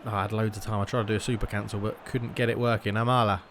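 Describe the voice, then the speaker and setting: A man's voice: lowish voice, little pitch movement, racing, background noise. A young man giving casual gameplay commentary, thinking aloud and slipping into mock match commentary. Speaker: gaming YouTuber.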